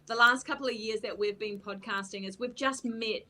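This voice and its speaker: A woman's voice: fairly high pitch, moderate pace, sharp tone. Chatty slangy woman podcaster. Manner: chatty, mild swearing, slangy. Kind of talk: casual chat.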